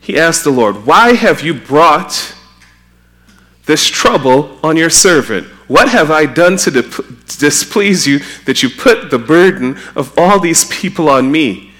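A man from Trinidad preaching a sermon, animated and acting out quotes with a raised voice. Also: a little high, slow pace.

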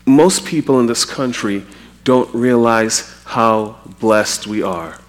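A man from Trinidad preaching a sermon, animated and acting out quotes with a raised voice. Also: mid-range voice, slow pace.

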